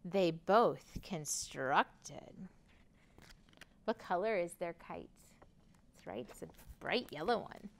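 A woman's voice: fairly low pitch, moderate pace, vocal fry. A woman librarian reading a picture book aloud at storytime, asking the children questions and acting out the sounds. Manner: expressive, asks children questions, acts out sounds.

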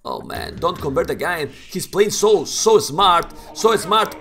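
A male game caster whose first language is Spanish, with a high, bright voice that leaps all over the place. He commentates live in broken English and bursts into shouts whenever a big play happens. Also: slow, faint music behind. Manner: excitable, swings into shouts at big plays; non-native English with broken grammar.

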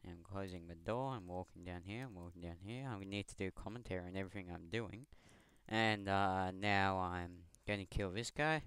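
A man's voice: sits low, normal speed, fairly bright tone, clean tone, no echo. A teenage man from Scotland with a Scottish accent, giving rambling, self-mocking game commentary over a headset mic, swearing often. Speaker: gamer. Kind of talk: gameplay commentary.

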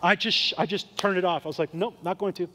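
A man's voice: high-pitched, fairly even intonation, fast, pushed and bright, in a large hall, a little hiss or hum. A young adult man preaching a sermon as pastor, telling a story and acting out the dialogue in quoted voices. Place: church sanctuary.

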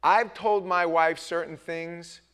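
A middle-aged man preaching a sermon as pastor, talking with the congregation and swinging between hushed asides and loud, emphatic bursts. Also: a little high, steady tone, takes it slowly. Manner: conversational, asks the congregation questions.

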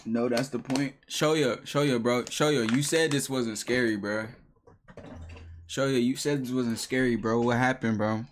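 A man's voice: medium pitch, steady tone, moderate pace, slight background noise. A young man streaming a horror game live, panicky and slangy, swearing as he plays. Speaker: gaming streamer. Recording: voice over loud game music. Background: loud eerie game music.

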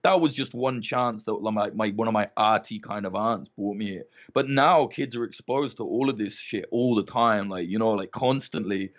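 Give me a swearing, animated man in casual chat. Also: lowish voice, moderate pace, few pauses. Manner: swears a lot, animated storytelling. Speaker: podcast guest. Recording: muffled lo-fi audio.

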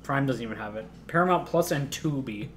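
A young man co-hosting a casual podcast, animated and retelling scenes with quick put-on voices. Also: mid-range voice, a little hiss or hum. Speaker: podcast co-host. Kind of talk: casual chat.

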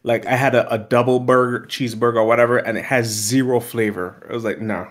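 A man's voice: mid-range voice, steady tone, fast. A man joining a livestream chat, joking and giving blunt opinions. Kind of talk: casual banter.

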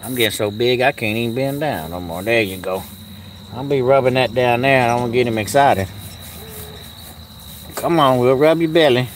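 A man's voice: medium pitch, normal speed, long pauses, slight background noise. A man chatting casually on a live stream outdoors at a kennel, cooing at his animals and answering the chat in a folksy way.

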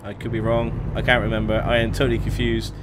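A man's voice: lowish voice, monotone, fast talker. A young man chatting casually as he streams a driving game, greeting viewers by name and talking through each step. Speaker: gaming streamer. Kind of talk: casual live-stream commentary. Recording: faint truck engine noise behind.

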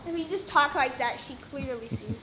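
A woman's voice: high-pitched, animated, brisk, roomy sound, noisy background. A woman chatting playfully at home, talking to a new puppy. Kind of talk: casual chat.

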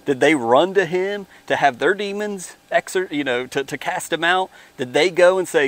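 A man giving an informal devotional talk, earnest and animated, speaking straight to his viewers from outdoors in his lawn. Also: a little high, normal speed, hardly any pauses. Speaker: devotional vlogger.

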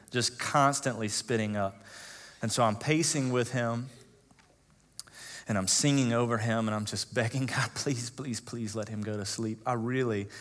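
Man, 30s, pastor, sermon storytelling, conversational, hushed to loud emotional swings. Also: mid-range voice. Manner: conversational, with frequent fillers and laughs. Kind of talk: sermon with personal stories.

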